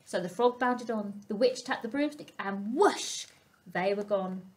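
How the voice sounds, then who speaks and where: A woman storyteller reading a picture book aloud to young children, expressive and asking them questions. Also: mid-range voice, a little slow. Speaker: family centre storyteller.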